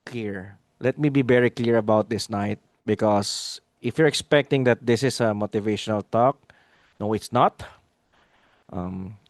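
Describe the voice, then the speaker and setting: A man with a medium-pitched, smooth voice hosts a live video-call webinar for an online audience, recorded in studio quality with no echo. He speaks emphatically, repeats his key lines, and asks viewers to type their replies.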